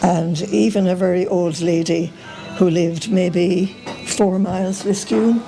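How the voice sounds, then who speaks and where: Older Irish woman, low gravelly voice, meandering storyteller with lots of "uh" and "um". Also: fairly even intonation, takes it slowly, music in the background, rough recording. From Ireland. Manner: meandering, full of uh and um. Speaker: reunion guest telling family stories. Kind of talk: casual storytelling to camera.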